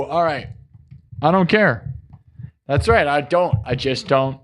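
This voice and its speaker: A man's voice: a little high, lively intonation, slow, long pauses, a bit bright. A man hosting a live music stream, chatting with his viewers in a joking, rambling and playfully defensive way. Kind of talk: casual chat with live chat viewers. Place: home studio, live stream.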